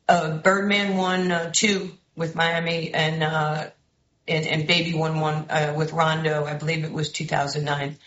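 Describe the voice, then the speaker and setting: A low, deep-voiced woman with a New York accent tells stories as a guest on a talk show. She jumps into the voices of the people she quotes. The sound is roomy and a little dull. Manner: lively storyteller who acts out quoted voices. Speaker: basketball head coach, guest. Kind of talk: animated storytelling interview.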